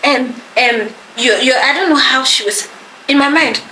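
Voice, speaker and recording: Woman, storyteller, pitched a bit high, echoey room with audible noise. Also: moderate pace. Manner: animated storytelling, acts out quoted voices. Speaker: podcast co-host telling a story. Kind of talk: casual story time chat.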